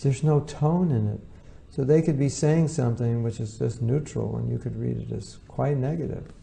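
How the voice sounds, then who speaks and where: A man gives an informal spiritual lecture in a very mellow, dark voice with a gravelly edge. He talks conversationally and slips into the voices of the people he quotes. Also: medium pitch, moderate pace, slight background noise. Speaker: spiritual teacher.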